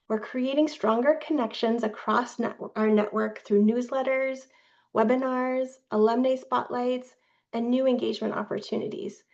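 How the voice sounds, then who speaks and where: A woman staff presenter reading a prepared update in a formal, measured way, with small slips. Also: fairly high pitch, vocal fry, a little mellow. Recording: dull lo-fi sound.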